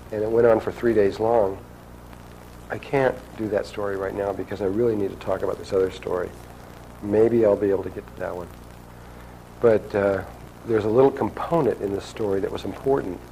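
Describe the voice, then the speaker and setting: A man's voice: on the low side, dark tone, slight background noise, rough recording. A man telling a personal story to an audience in a loose, conversational way, acting out the dialogue. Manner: conversational, acts out quoted dialogue.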